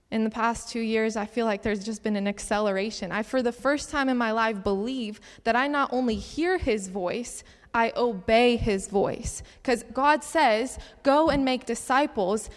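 A young adult woman from Ohio sharing a testimony as a ministry speaker, earnest and chatty, with many fillers. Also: fairly high pitch. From Cincinnati, Ohio. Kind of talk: sermon testimony. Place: church hall. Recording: hall reverb.

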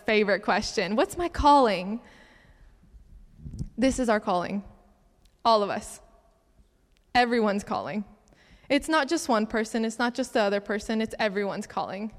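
Earnest young woman preaching in a hall. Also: a little high. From Cincinnati, Ohio. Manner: earnest, chatty, with many fillers and laughs. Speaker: ministry speaker. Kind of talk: sermon testimony. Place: church hall. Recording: hall reverb.

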